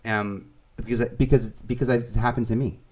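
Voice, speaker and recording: A man with a New York accent, a producer and casting director, chatting as an interview guest in an animated way, laughing easily and restarting his sentences. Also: medium pitch, normal speed. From Staten Island, New York. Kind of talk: conversational storytelling.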